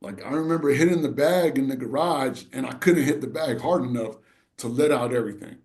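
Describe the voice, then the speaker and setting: A middle-aged man speaks in a casual podcast chat. He tells his story with heartfelt emotion and rambles, leaning on little check-ins with his listeners. His voice sits at an ordinary pitch for a man. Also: fairly quick, darkish tone. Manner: rambling, full of "you know" and "right". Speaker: podcast co-host.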